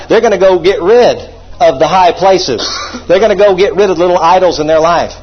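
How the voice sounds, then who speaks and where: A man's voice: high voice, a little fast, husky. A man preaching a sermon emphatically and having the congregation repeat phrases. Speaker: pastor. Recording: dull lo-fi recording.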